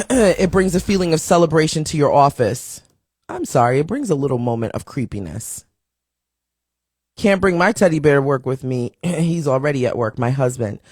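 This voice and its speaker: A woman hosting a live stream show, talking casually with a raspy morning voice, reading and answering viewer comments and greeting people as they join. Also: deep voice, expressive, moderate pace, no room sound, studio quality. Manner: playful sing-song shout-outs to viewers joining.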